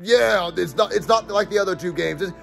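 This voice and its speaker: A pushy, over-the-top commercial announcer, as a man puts him on in a parody ad. His voice runs fairly high with a gravelly edge and faint music underneath. He sounds hyped and salesy and keeps repeating his pitch. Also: fairly quick, fairly bright tone, exaggerated voice.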